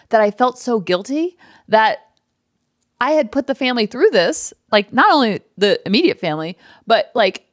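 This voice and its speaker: A woman's voice: mid-range voice, no echo. Woman podcast host, thirties, casual confessional monologue, dead-dry close mic. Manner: candid and emotional, quick asides.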